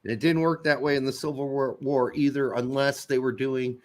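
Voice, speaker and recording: A man's voice: mid-range voice, steady tone, moderate pace. A man co-hosting a podcast, rambling and joking in casual banter and swearing freely. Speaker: podcast co-host.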